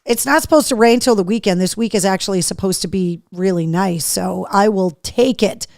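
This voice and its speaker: A woman's voice: medium pitch, fairly quick, darkish tone, dry recording, studio quality. A middle-aged woman from Massachusetts hosting a live show in casual chat, reading viewer comments aloud and talking freely. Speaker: host.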